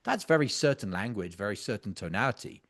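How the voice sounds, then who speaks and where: A man's voice: mid-range voice, big pitch swings, moderate pace. A man coaching sales closers, breaking down a practice call in an emphatic, intense way with casual swearing.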